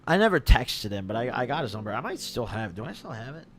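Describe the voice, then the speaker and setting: A young man, drunk, tells a story on a stream at a fast clip and a medium pitch. He's animated and slangy, laughing his way through the tale.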